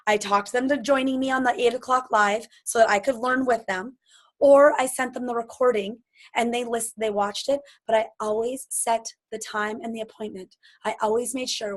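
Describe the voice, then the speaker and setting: A woman giving a motivational sales training, energetic and acting out sample conversations in lively voices. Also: fairly high pitch, moderate pace. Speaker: business trainer.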